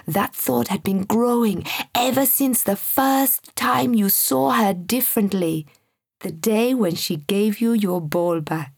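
A woman reading the lines of a kind, wise male guide, speaking in a soft, gentle voice. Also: medium pitch, takes it slowly, gravelly, breathy edge, no echo, studio quality, exaggerated voice.

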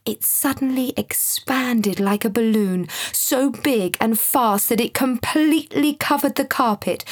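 A woman reading a children's story aloud in a calm, measured way. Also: fairly high pitch, husky, dry recording, clean studio sound. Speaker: storybook reader. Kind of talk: scripted children's story narration.

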